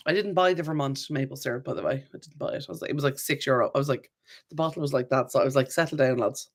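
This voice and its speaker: A woman's voice: very deep voice, rapid-fire, breathy edge. A woman hosting a live-stream Q&A. She rambles in a chatty way, reads viewer comments aloud, laughs often and corrects herself mid-sentence. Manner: laughs often, many fillers and self-corrections. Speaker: channel host.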